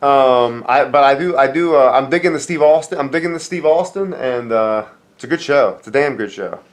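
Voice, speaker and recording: A man's voice: medium pitch, fairly quick. A man co-hosting a casual chat, joking and rambling with frequent restarts. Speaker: podcast co-host.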